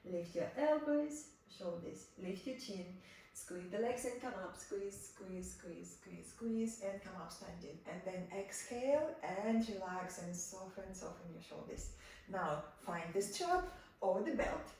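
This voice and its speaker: A woman leading a yoga class, giving gentle instructions and repeating soft cues. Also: medium pitch, animated, measured pace, a little hiss or hum. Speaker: yoga teacher. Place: home room. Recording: echoey room, far from the mic, faint background.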